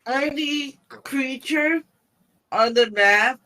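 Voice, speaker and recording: Slow-talking bright-voiced podcaster. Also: high-pitched, poor audio. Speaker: podcast guest. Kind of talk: casual chat.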